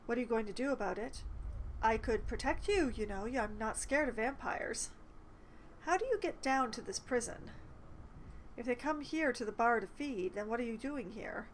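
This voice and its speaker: A woman's voice: a little high, expressive, moderate pace, slight background noise, poor audio. A woman streaming a role-playing game, chatting and reading the dialogue choices aloud. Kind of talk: casual gameplay commentary.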